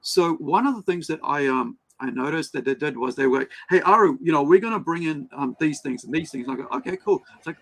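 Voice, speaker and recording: A man's voice: fairly high pitch, quick pace, creaky, hardly any pauses, low-quality recording. A man, a podcast co-host telling stories in casual chat and acting out what others said. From New Zealand. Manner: animated storyteller, acts out quotes.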